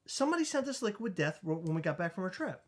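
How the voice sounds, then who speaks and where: A man's voice: high voice, sing-song, fast talker, darkish tone. A man co-hosting a live podcast stream, offhandedly reading out viewer names and giving thanks. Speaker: podcast co-host. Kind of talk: casual live-stream chat.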